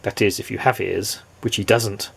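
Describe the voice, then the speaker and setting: A man reading a children's storybook aloud in a playful, expressive way, asking the listener questions. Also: lowish voice, moderate pace, creaky, slightly rough.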